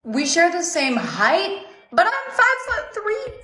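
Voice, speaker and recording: A woman's voice: very high-pitched, wildly swooping pitch, slow, bright, forceful tone, roomy sound, full character voice. A synthetic text-to-speech woman's voice playing a broke, sarcastic teenage girl in a storytime. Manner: blunt, sarcastic. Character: broke teenage girl Bailey, sassy and blunt.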